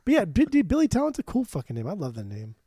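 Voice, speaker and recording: A man co-hosting a music podcast, arguing and swearing with relaxed enthusiasm. His slightly high voice swings widely in pitch and has a mellow tone. It is recorded close and dry. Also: quick pace, breathy edge, no room sound. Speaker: podcast co-host. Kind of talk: casual chat.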